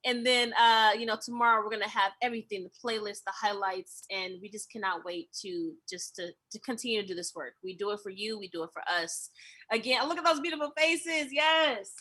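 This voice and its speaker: A woman's voice: mid-range voice, fairly quick, bright, forceful tone. A woman hosting an open mic, wrapping up the show with effusive thanks and easy laughter. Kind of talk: closing remarks at a live-streamed open mic.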